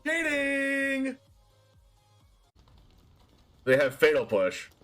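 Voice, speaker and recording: A man streaming gameplay with an unusually high, swooping voice, excitable and prone to shouts and laughter. He talks unhurriedly between outbursts. Faint music plays underneath. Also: very slow. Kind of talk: live gameplay commentary.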